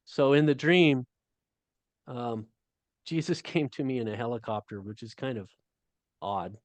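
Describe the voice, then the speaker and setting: A middle-aged man, a guest author, talking casually on a video call, halting often with fillers. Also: mid-range voice, no room sound. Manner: halting storytelling with many fillers.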